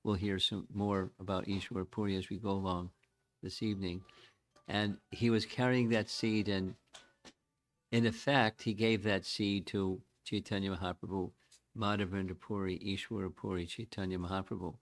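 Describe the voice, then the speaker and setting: Older male teacher, low-pitched, measured devotional lecture, reflective delivery. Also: flat delivery. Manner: measured, reflective, chants verses slowly. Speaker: spiritual teacher.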